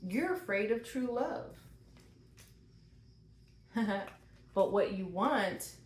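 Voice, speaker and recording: A woman's voice: mid-range voice, animated, extremely slow. A woman giving a channeled tarot reading, asking questions aloud and exclaiming. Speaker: tarot reader. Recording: roomy with faint noise.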